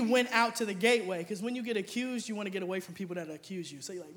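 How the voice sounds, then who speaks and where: A man's voice: high voice, fast, few pauses, a bit bright. A young adult man preaching a sermon, playful and joking, acting out Bible figures in casual slang. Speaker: pastor.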